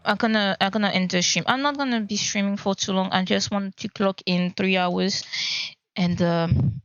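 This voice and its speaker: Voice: medium pitch, steady tone, moderate pace, fairly bright tone, clear, resonant tone, dry recording, lo-fi sound. A streamer talking casually on a live stream, stammering and repeating words, the voice cracking with emotion. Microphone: laptop microphone.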